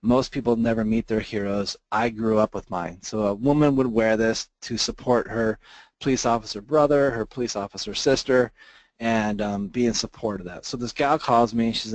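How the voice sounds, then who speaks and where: A man presenting a webinar, making an emotional sales pitch and choking up as he talks. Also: fairly even intonation, normal speed, no room sound, low-quality recording. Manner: earnest, gets choked up telling a story. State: emotional, near tears.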